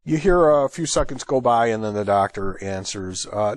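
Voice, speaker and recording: A man's voice: on the low side, expressive, normal speed, hardly any pauses, no echo. A man hosting an EMS training lecture, explaining a call in a conversational way. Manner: conversational, thinking aloud with fillers. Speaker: EMS instructor and host.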